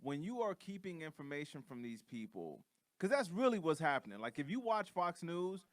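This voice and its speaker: A man co-hosting a comedy podcast, talking in a heated, profane, animated rant. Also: fairly high pitch, moderate pace, dry recording, clean studio sound. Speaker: podcast co-host. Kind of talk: casual comedic chat.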